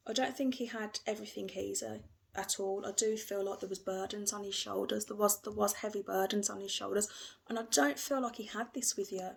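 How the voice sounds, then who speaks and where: A woman giving an emotional, gentle tarot reading, repeating herself often. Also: medium pitch, steady tone, fairly quick, creaky. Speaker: tarot reader.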